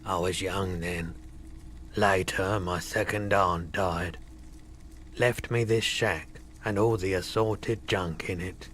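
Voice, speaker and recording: A man's voice: deep voice, fairly even intonation, takes it slowly, a bit bright, slight background noise. An actor playing a weary, bitter male pawnbroker in a video game, telling a grim story in a somber, resigned way.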